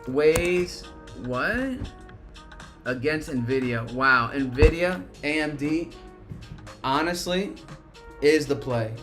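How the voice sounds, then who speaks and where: A man hosting a live stock market stream, talking excitably and with plenty of profanity, swinging between cheering and panic as prices move. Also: on the high side, extremely slow, pauses often, music in the background. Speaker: stock market livestream host.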